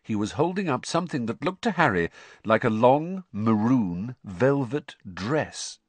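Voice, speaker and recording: A man reading an audiobook narration in an expressive storytelling manner. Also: medium pitch, a little slow, no echo.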